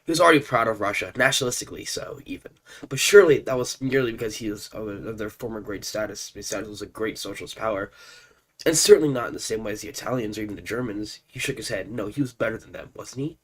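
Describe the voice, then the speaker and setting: A man's voice: lowish voice, fast talker. Guy streaming a strategy game, stuffy allergy voice, gets hyped, trips over names reading the text. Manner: excitable, stumbles over names. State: congested with allergies. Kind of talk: live gameplay commentary and reading game text aloud.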